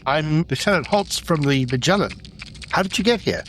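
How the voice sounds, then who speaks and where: A man voicing an anxious female starship lieutenant, giving rushed, stammering reports. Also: a little high, lively intonation, a bit bright, slight background noise. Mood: puzzled.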